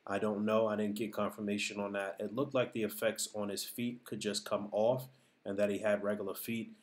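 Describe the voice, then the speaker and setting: A man's voice: lowish voice, level tone, brisk. A man giving casual, reflective vlog commentary on what he saw and heard. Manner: reflective, hedging, talks things through. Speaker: vlogger.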